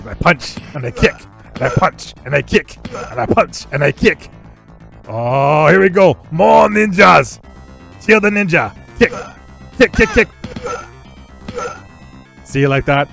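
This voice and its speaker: A man's voice: a little high, vocal fry, a bit bright. A man doing an impression of a bragging muscleman action-star governor with a put-on Austrian-German accent, on a gaming stream. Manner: boastful, heavy-accented, punchy phrasing.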